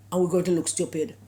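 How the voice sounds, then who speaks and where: Speaking in a fairly low, darkish voice, this political commentator from Jamaica gives an emphatic monologue of her views. She mocks opponents with rhetorical questions and drifts into patois.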